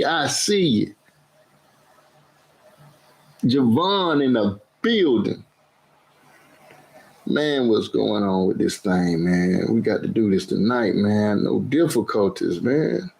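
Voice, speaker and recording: A man hosts a live stream for his cooking channel in a loose, conversational way. He talks slowly, greets viewers by name and circles back to the same phrases again and again. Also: on the low side, expressive, creaky, darkish tone, low-quality recording. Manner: repeats phrases over and over.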